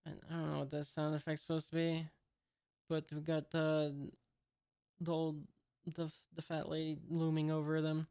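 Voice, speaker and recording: A reader casually reading a comic aloud, hesitant with many "uh"s, even reading out the punctuation marks. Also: mid-range voice, unhurried, vocal fry, clear, resonant tone. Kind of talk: casual read-aloud commentary.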